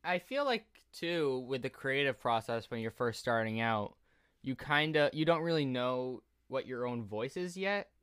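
A man's voice: mid-range voice, animated, measured pace, fairly bright tone, clear, resonant tone. A man hosting a casual podcast interview, asking questions in a loose, hesitant way. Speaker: host.

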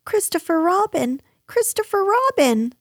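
A woman voicing a small, timid male piglet in a storybook reading, squeaky and stammering. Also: very animated, measured pace, no room sound, studio quality, full character voice. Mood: indignant.

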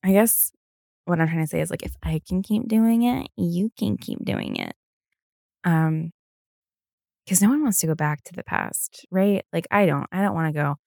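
Tired and occasionally yawning, a young woman runs a solo podcast in a low, gravelly, warm-toned voice at a moderate pace. Her casual rambling is loaded with filler words and casual cursing, captured cleanly in a studio with no room sound.

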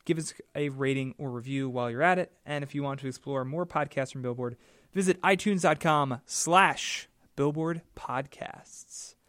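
A man's voice: mid-range voice, moderate pace, a bit bright, dry recording, clean studio sound. A man co-hosting a music podcast, easygoing and laid-back. He often calls his co-host "man". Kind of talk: casual chat.

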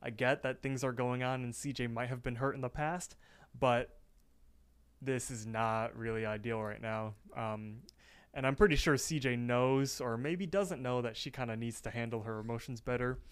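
Smooth-voiced man recapping a cartoon. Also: medium pitch, normal speed. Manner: animated storyteller with many fillers. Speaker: podcast co-host. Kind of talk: casual episode recap.

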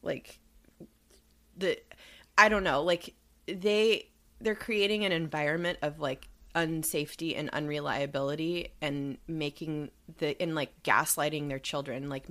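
A woman's voice: low voice, fairly even intonation, a little slow, a bit bright. A young woman co-hosting a podcast, chatting casually and indignantly, swearing often and using many fillers. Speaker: podcast co-host. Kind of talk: casual chat.

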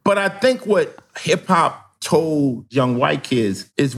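An older man in his sixties, a podcast guest telling stories in a slangy, profane, animated way. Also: fairly high pitch, slow, slight background noise. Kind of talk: casual conversation.

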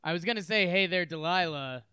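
A man's voice: high-pitched, fairly quick, bright, forceful tone, smooth, dry recording. A man co-hosting a casual talk show, rambling and hesitant, now and then breaking into goofy singing. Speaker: podcast co-host. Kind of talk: casual chat.

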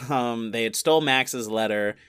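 A young man co-hosting a podcast, casually recapping a movie, relaxed, laughing and quoting scenes. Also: medium pitch, dry recording. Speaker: podcast co-host.

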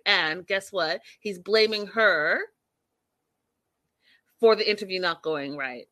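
Talking directly to her viewers, a woman recaps a reality show in a casual chat with blunt, exasperated remarks and lots of swearing, acting out quoted people in sudden loud bursts. Her mid-range voice is bright, forceful and unhurried. The sound is close and dry, without room echo.

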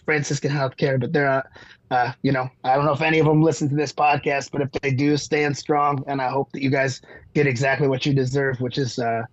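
A man's voice: mid-range voice, level tone, a little fast, dry recording, muffled recording. A man, a musician guest on a podcast, telling rambling stories with lots of fillers and casual swearing.

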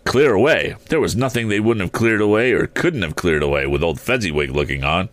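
Deep-voiced expressive male storyteller. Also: brisk, no room sound. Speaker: narrator. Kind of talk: audiobook reading.

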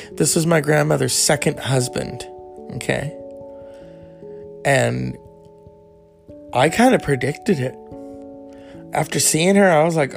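A man telling a candid personal story in a rambling, casual way, swearing freely and adding animated asides. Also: on the high side, gravelly.

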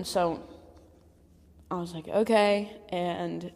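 A woman's voice: fairly low pitch, fairly even intonation, measured pace, gravelly, pauses often, a little mellow, in a large hall. A young adult woman telling a personal story in a candid, chatty way, saying "like" a lot and swearing now and then. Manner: candid, chatty, heavy use of filler "like", swears. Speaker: vlogger. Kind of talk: casual storytelling.

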